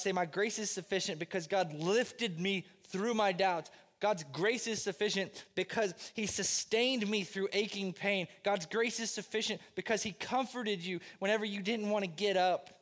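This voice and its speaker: A man preaching a sermon with passion, repeating phrases and swinging between loud pleading and quiet, low lines. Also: moderate pace, in a large hall. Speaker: pastor.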